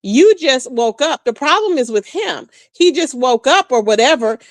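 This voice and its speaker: This is a woman, dishing gossip on a casual livestream. Her voice sits high and leaps around with animated sass. She calls out to her chat viewers as she talks. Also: moderate pace, no echo. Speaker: livestream host.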